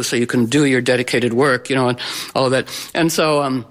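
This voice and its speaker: A man giving an informal astrology talk to a live audience, rambling and playful, with many fillers, restarts and sudden animated voices. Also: medium pitch, fairly quick.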